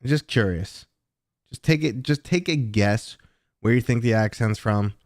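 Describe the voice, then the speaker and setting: A man with a New York accent, hosting a casual livestream and chatting with viewers in a talkative, relaxed way. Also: mid-range voice, a little slow, no echo, clean studio sound. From New York City. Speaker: livestream host.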